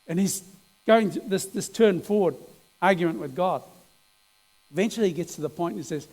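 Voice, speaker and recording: A man's voice: fairly high pitch, moderate pace, darkish tone. A man telling a testimony in a sermon, in a chatty way with fillers and restarts. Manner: conversational, many fillers and restarts, rising in emphasis. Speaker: preacher giving a testimony. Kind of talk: sermon storytelling. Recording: echoey hall with mains hum.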